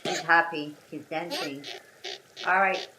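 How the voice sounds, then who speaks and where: A woman's voice: sits low, steady tone, slow pace, very noisy. A young woman from France with a French accent, chatting casually on a live stream as she works through a coding puzzle. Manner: apologetic, chatty, talks through each step.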